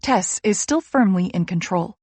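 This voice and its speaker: A woman narrating a first-person romance audiobook with a lively, wry storytelling manner. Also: medium pitch, normal speed, slightly rough, no echo.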